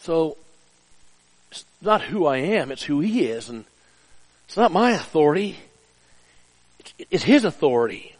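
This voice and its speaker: Middle-aged man, pastor type, earnest sermon style, high pitch, hall reverb. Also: sing-song, unhurried, long pauses. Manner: earnest preaching, drops soft and low for personal stories.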